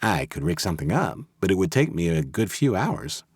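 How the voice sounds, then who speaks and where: A man's voice: sits low, big pitch swings, fairly quick, vocal fry, breathy edge, no room sound, clean studio sound, heavily acted. A man doing an eager nerdy hacker. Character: nerdy greedy male ex-FBI hacker.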